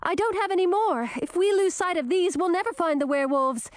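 A woman's voice: on the high side, moderate pace, darkish tone, no room sound, clean studio sound, lightly acted. A woman voicing an earnest, spirited young princess who is new to magic, a little flustered. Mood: urgent.

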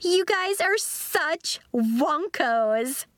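A woman's voice: high voice, very animated, slow pace, no room sound, studio quality, voice pushed up, heavily acted. A woman doing a sneering, sing-song mean girl. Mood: taunting. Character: mean, smug popular girl, mocking.

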